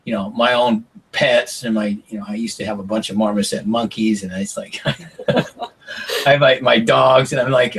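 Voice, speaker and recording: A middle-aged man guesting on a podcast, telling stories in a lively way, acting out what people said and swearing casually. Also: medium pitch, fairly quick, slightly rough, recorded from a distance. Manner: animated storyteller, acts out quotes, swears casually. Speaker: podcast guest, former reality show contestant. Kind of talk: casual storytelling interview.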